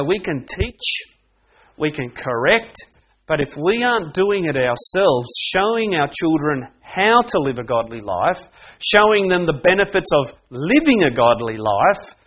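A middle-aged man preaching a sermon, telling lively stories, acting out quotes and often laughing. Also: on the high side. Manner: animated storyteller who acts out quotes and laughs often.

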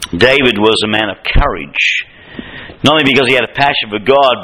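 A man preaching a sermon in an impassioned, emphatic way, with lively asides. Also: medium pitch, a little fast, rough recording.

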